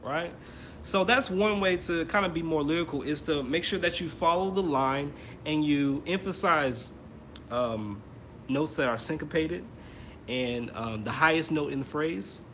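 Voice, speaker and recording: A man's voice: fairly high pitch, measured pace, a bit bright, slight background noise. A man teaching trumpet in an online masterclass, explaining casually with many fillers and restarts. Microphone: computer mic on a video call.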